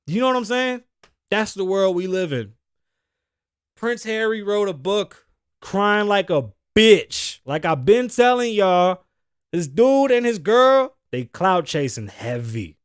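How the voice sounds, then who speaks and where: A brash man in his thirties from the United States, ranting profanely as a podcast host. His voice sits high for a man and swoops widely up and down. The sound is close and dry. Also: lively intonation, slow, long pauses, clear, resonant tone, dry recording. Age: 30s. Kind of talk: solo comedic rant.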